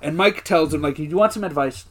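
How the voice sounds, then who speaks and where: Animated man recapping, slightly high voice. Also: quick pace. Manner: animated, swears, laughs often, acts out characters' lines. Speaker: podcast co-host. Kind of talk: casual recap chat.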